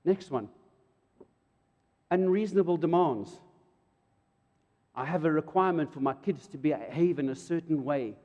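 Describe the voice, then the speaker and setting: Pastor with booming emphasis. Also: male voice, moderate pace, long pauses, dull audio. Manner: animated, jumps to loud high emphasis and acts out quotes. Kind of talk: sermon. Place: church hall. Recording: reverberant church hall.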